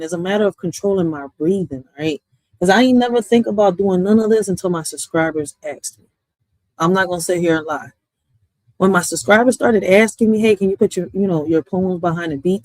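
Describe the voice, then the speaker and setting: A woman's voice: lowish voice, dry recording. Thirties woman streamer, loose profane chat, laughs a lot, dry close sound. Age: 30s. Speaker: poet and streamer. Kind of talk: casual chat to viewers.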